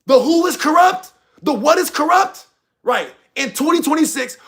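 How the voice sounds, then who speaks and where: A man's voice: high-pitched, gravelly, fairly bright tone. Fired-up man ranting to his chat. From United States. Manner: passionate, ranting, addresses chat directly. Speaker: livestream host. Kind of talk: heated livestream commentary.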